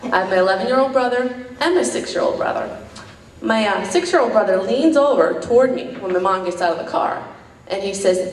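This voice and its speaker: A woman's voice: medium pitch, quick pace, a little hiss or hum. Rambling woman doing stand-up, distant and roomy. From New York. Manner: rambling, self-deprecating, frequent "um" fillers and laughing at her own jokes. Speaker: stand-up comic. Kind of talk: stand-up comedy set.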